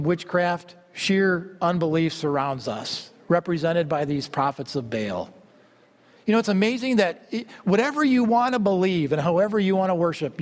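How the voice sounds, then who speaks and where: A male preacher delivering a fervent sermon, swinging between loud exclamations and low asides. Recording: long hall reverb.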